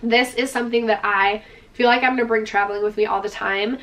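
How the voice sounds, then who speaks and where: A woman's voice: mid-range voice, steady tone, fairly quick, a bit bright, recorded from a distance. A woman beauty vlogger gushing enthusiastically through a product review, peppering her talk with "like" and "freaking.". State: out of breath, dry throat.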